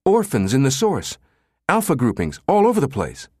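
A man reading the part of an excitable young female technician, speaking in urgent outbursts. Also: mid-range voice, moderate pace, slightly rough, dry recording, studio quality, pitched above the performer's own voice. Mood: excited urgent.

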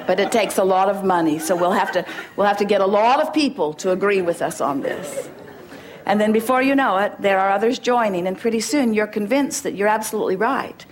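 A woman's voice: mid-range voice, a little fast, a crowd in the background. A middle-aged woman addresses a gathering with an inspirational talk. She is emphatic and playful, slipping into short acted dialogues to drive her points home. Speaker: spiritual teacher.

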